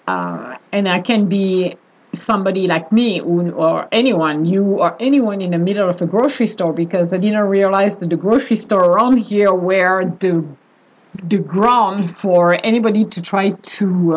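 A young adult woman vlogger telling a personal story in a rambling, animated way, laughing as she goes. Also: mid-range voice, rough recording. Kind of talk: casual storytelling monologue.

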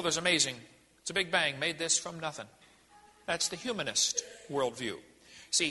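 A man delivers a sermon-style talk in a somewhat high, husky voice that swings widely in pitch. He is folksy and emphatic, slipping in jokes. The sound rings out with the long reverb of a large hall. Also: bright, forceful tone. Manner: folksy, emphatic, jokey preaching. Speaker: creationist speaker.

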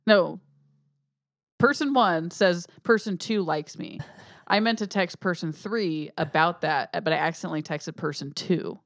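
Lower-voiced woman co-hosting a podcast. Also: no echo, clean studio sound. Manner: quick follow-up questions, easy laughter, relaxed anecdotes. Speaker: podcast co-host. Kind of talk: casual movie podcast chat.

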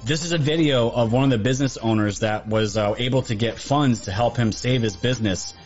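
A man's voice: mid-range voice, a little fast, lo-fi sound, soft background music. Emphatic male news commentator. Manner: emphatic and repetitive. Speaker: commentary show host.

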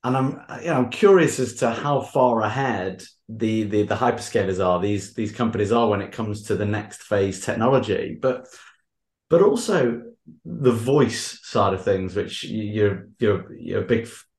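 A man's voice: fairly low pitch, lively intonation, normal speed, darkish tone. A man hosting a podcast, asking long questions and repeating words as he searches for phrasing. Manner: hesitant, repeats words while framing questions. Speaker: podcast host. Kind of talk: interview questions. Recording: roomy echo.

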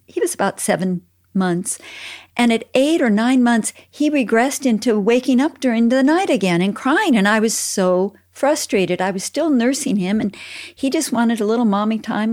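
Older woman, Christian parenting chat, gentle earnest storyteller, mid-pitched. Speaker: podcast co-host, mother.

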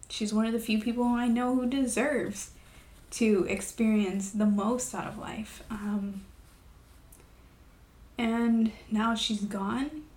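A young woman talking on her own podcast in a personal, confessional way, emotional and halting, with many pauses and fillers. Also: medium pitch, a little mellow. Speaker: podcast host. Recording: echoey room.

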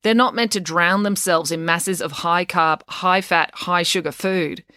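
A woman voicing an earnest, sensible boy who speaks slowly and precisely. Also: lowish voice, steady tone, sharp tone, no room sound, studio quality. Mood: lecturing.

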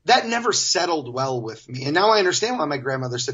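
A man in his forties, a guest telling stories in a casual, animated way, often laughing as he talks. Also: fairly high pitch, quick pace, husky, highs cut off. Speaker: interview guest. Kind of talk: casual storytelling.

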